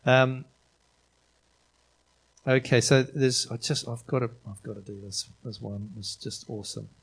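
A man's voice: medium pitch, fairly even intonation, measured pace, vocal fry, husky, low-quality recording. A middle-aged man preaching an informal sermon in a chatty, enthusiastic way, often restarting his sentences. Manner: conversational, enthusiastic, frequent restarts and fillers.

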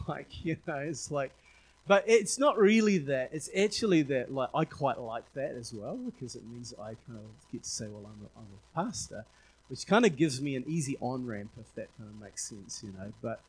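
A pastor from New Zealand, speaking with a New Zealand accent, tells a candid, rambling personal story during a sermon, full of fillers and restarts. His medium-pitched voice is husky with lively intonation and a moderate pace.

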